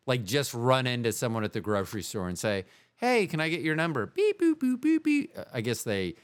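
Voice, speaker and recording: A man's voice: medium pitch, expressive, fairly quick, a bit bright, smooth, dry recording. A man hosting a podcast, asking long, rambling, self-correcting questions with goofy jokes. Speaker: podcast host. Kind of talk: casual interview.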